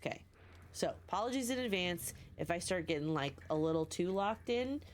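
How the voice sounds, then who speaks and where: A woman streaming a game live. She is sleepy and excitable, swears freely and cheers her character on. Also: lowish voice, brisk, slight background noise. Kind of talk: casual live gameplay commentary.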